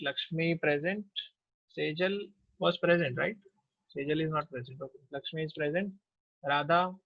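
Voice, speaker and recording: Brisk Indian teacher calling the roll. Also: male voice, fairly high pitch, no room sound, lo-fi sound. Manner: brisk, mixes English and Hindi. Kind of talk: taking class attendance.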